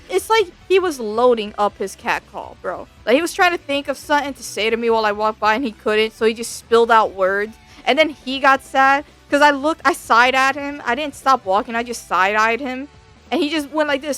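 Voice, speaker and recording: High-pitched girl ranting about her bad day, swears a lot, soft music behind. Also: moderate pace. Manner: profane, exasperated, animated. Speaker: vtuber storyteller. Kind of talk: casual storytime rant. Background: faint background music.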